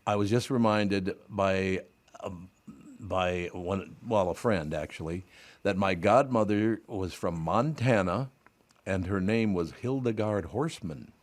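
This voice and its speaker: A man's voice: sits low, takes it slowly. An older man hosting a radio show, telling stories in a dry way with sudden laughs. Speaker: radio host. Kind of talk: casual talk radio banter.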